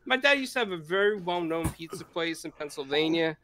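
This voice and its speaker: A man's voice: fairly high pitch, animated, fairly quick, sharp tone, a little hiss or hum. A man chatting casually and rambling about family stories, laughing often and restarting his sentences. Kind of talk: casual chat.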